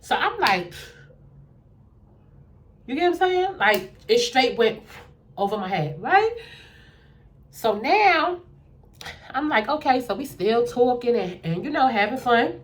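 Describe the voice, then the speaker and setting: A woman's voice: on the high side, takes it slowly, pauses often. A woman telling a casual story, acting out the conversations and checking in with the listener. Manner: animated, acts out both sides of conversations. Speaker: storyteller vlogger.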